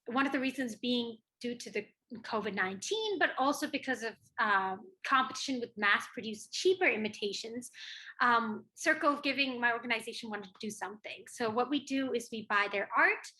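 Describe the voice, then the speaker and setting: A woman's voice: on the high side, moderate pace, sharp tone. A young woman from the United States, a podcast guest chatting casually, bubbly with frequent laughs and fillers. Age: young adult. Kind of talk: casual chat.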